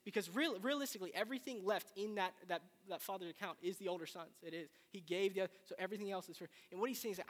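A man preaching a sermon, retelling the story in a casual, animated way with slang. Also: sits high, very fast, few pauses. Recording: long reverb of a large hall.

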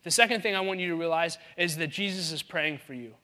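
A man's voice: fairly high pitch, quick pace, bright, forceful tone. A man preaching a sermon in an earnest, conversational way, often restarting his sentences. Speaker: pastor.

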